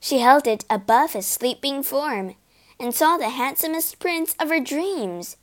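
A woman reading a fairy tale aloud slowly and expressively, giving the characters voices. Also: high-pitched, lively intonation. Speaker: storyteller. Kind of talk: scripted narration of a fairy tale.

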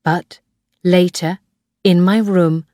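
Woman audiobook narrator, unhurried and measured, close and dry. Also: fairly low pitch, steady tone, dark tone, no room sound. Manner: slow, clear, measured reading.

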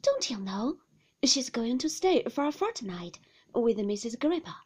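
A woman's voice: on the high side, very animated, measured pace, a little mellow, slightly rough, exaggerated voice. A woman reading aloud, voicing a middle-aged nursemaid who coaxes a child with eager enthusiasm. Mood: coaxing, eager. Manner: coaxing, enthusiastic.

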